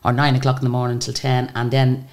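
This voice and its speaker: An Irish woman with a very deep voice telling lively anecdotes in a casual interview. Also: quick pace. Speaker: singer and guest.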